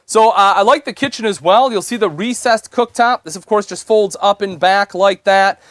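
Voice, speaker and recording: A man's voice: high voice, moderate pace, a bit bright, dry recording. A young man presenting an RV on a live show tour, giving an upbeat, salesy walkthrough inside the vehicle and calling viewers folks.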